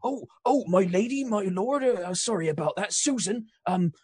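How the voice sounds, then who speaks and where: A man's voice: high-pitched, normal speed, mellow, breathy edge, dry recording, studio quality, voice pushed up. A man voicing a scrawny, nervous male baker with an English accent, timid and apologetic.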